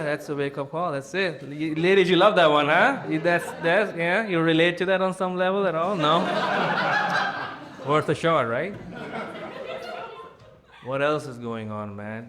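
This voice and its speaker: A man's voice: fairly high pitch, fairly bright tone. A young man, hosting a roast battle with crude, brash stand-up and crowd work from a club stage. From India. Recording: echoey club with crowd laughter.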